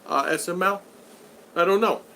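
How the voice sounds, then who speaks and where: A high, bright, forceful male voice moves at a moderate pace. The speaker hosts a casual livestream, reading comments from viewers and rambling through jokey tales, frequently laughing and retelling them with quoted voices.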